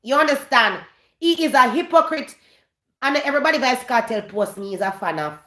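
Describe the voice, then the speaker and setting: High, bright Jamaican woman ranting. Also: expressive, brisk, echoey room. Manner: emphatic, repeats phrases, slips into Patois. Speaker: vlogger host. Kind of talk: gossip commentary rant.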